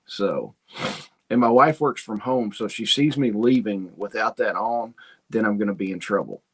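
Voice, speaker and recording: A man's voice: on the low side, expressive, moderate pace, a bit bright, husky. A man hosting a homesteading livestream, chatting casually, reading viewer comments and telling rambling, folksy stories. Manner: rambling, folksy storytelling with quoted asides. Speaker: homesteading channel host.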